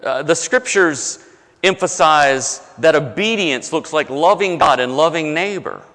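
A man preaching a conversational sermon as pastor, often dropping low and soft to stress a point. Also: lively intonation, measured pace, long reverb tail.

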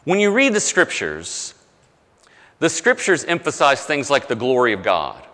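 A man preaching a conversational sermon as pastor, often dropping low and soft to stress a point. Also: wildly swooping pitch, measured pace, long reverb tail.

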